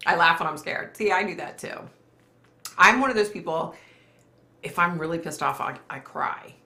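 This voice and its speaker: A woman's voice: fairly low pitch, animated, moderate pace, pushed and bright. A middle-aged woman hosting a casual livestream, chatty and laughing often as she reads viewer comments aloud. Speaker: livestream host. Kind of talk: casual live chat. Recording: echoey room.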